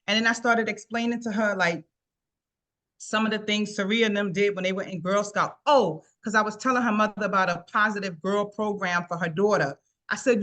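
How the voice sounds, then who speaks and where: A middle-aged woman tells a personal story in an earnest, conversational way, looping back with "I said" again and again. Her voice sits at an ordinary pitch for a woman. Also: brisk. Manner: repeats "I said" often, warm earnest retelling. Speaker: guest sharing a personal story. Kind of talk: casual storytelling.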